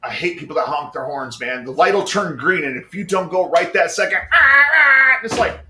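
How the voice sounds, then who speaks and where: A man in casual podcast chat, swearing a lot and ranting with animated energy. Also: fairly high pitch, brisk, reverberant, a little hiss or hum. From Norwegian heritage, US.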